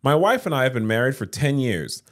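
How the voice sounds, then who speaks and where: A man co-hosting a podcast, chatting casually and joking, blunt and quick to swear. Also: medium pitch, very animated, a bit bright. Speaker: podcast co-host.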